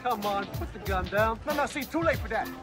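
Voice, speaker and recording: A brash high-voiced street tough. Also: male voice, lively intonation, a little fast. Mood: swaggering. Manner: loud swaggering slangy threats. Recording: film clip with hip hop music. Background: hip hop music.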